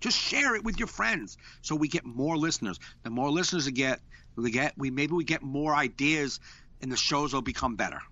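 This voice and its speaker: A man's voice: fairly high pitch, lively intonation, moderate pace, pushed and bright, no room sound, dull audio. A man co-hosting a podcast in casual chat, rambling and swearing freely, talking into a desk microphone over a call. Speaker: podcast co-host.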